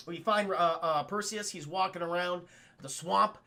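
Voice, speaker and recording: A man recaps a movie on his stream in a loose, profane ramble, constantly turning to address his chat. His voice sits high for a man, with a bright, gravelly rasp. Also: moderate pace. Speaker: streamer and film reviewer. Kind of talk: casual live-stream film recap.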